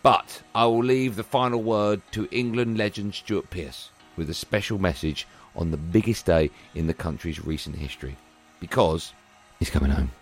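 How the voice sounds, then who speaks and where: A man's voice: deep voice, normal speed. A male podcast host signing off an upbeat episode, confident and jokey. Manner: jokey, confident, playful predictions. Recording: voice over faint music.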